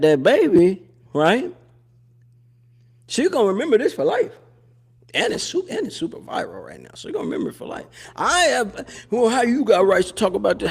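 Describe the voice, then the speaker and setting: A man, hosting a live show with a casual, animated commentary monologue that repeats phrases and laughs often. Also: sits high, creaky.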